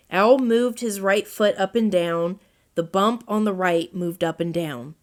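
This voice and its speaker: Woman, children's storybook narrator, slow, gentle, medium pitch.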